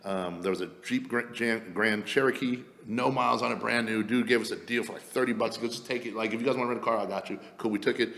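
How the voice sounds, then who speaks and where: A man's voice: on the low side, quick pace, creaky, hardly any pauses, roomy sound, in a large hall. A man co-hosting a podcast, telling a story in a casual, profane way and acting out the other people's voices. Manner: animated, profane, acts out quoted voices. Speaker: podcast co-host telling stories.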